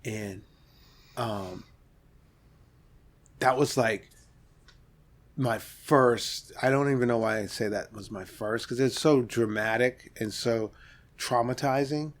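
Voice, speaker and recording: A man's voice: medium pitch, unhurried. Middle-aged man telling a vivid story. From Los Angeles. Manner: vivid, animated retelling with sudden rises and soft drop-offs. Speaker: podcast guest. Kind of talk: candid storytelling about his past.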